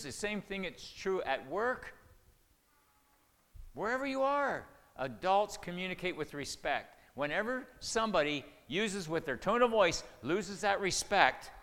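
Chuckling as he acts out quoted lines, an older man gives a folksy, conversational sermon about marriage communication. His voice is on the high side and a bit bright, with a long hall reverb around it.

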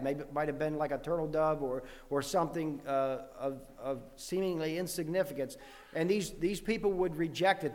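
Preaching man in a reverberant hall. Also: fairly high pitch. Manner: reads verses with rising force, then explains plainly; clears throat often, some restarts. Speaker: pastor. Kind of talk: sermon with scripture reading.

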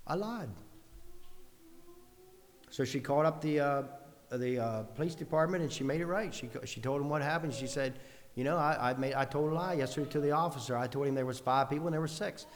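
A man's voice: mid-range voice, fast, in a large hall. A man preaching a sermon in an earnest way, building long lists with rising emphasis.

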